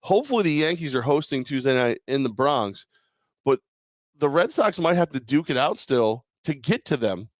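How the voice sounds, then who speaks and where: A man's voice: medium pitch, sing-song, normal speed, no echo, clean studio sound. A hungover man co-hosting a casual sports talk show, rambling and joking with frequent laughs. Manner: rambling, jokey, laughs often.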